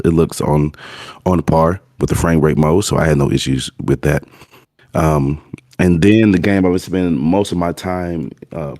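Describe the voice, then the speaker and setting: Brief: sick, hoarse man with a very deep voice, halting casual gaming talk, dry close sound. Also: darkish tone, dry recording. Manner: halting, many fillers and restarts. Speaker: podcast co-host.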